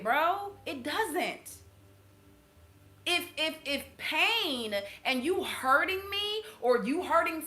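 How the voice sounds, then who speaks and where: A woman's voice: sits high, pushed and bright, reverberant. A woman hosting her channel and giving a casual spiritual reading to viewers, talking bluntly and swearing freely between laughs. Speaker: intuitive reader and channel host.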